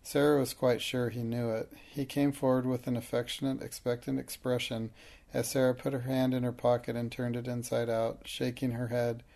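A man with a gravelly voice narrating a storybook in a steady, even reading. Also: mid-range voice, moderate pace. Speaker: audiobook narrator. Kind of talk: scripted narration.

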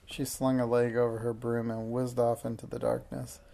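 A narrator reading a children's chapter book aloud in a gentle, even manner. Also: mid-range voice, moderate pace, gravelly. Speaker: storybook narrator.

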